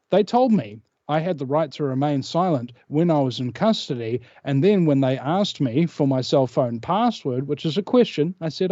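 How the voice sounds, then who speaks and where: A man's voice: fairly high pitch, dark tone, no room sound. New man, dull lo-fi call. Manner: rambling storyteller, many hesitations. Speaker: guest. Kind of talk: casual interview chat.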